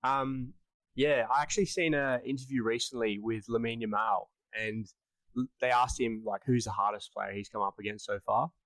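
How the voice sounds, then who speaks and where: A man hosting a football podcast, chatting in a relaxed way with many fillers and restarts. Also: medium pitch, moderate pace, no room sound, poor audio. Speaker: podcast host. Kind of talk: casual podcast interview.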